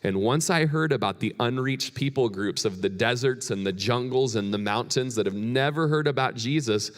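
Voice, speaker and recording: A man preaching a sermon as a guest pastor, earnest and animated, slowing down for emphatic quotes. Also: medium pitch. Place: church sanctuary. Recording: long hall reverb.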